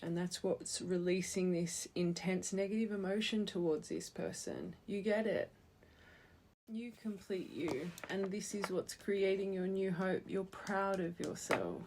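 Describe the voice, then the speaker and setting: A woman's voice: medium pitch, a little slow, a little mellow, slight background noise. A woman giving a spiritual tarot reading to her viewers, earnest and encouraging, thinking aloud as she goes. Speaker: tarot reader.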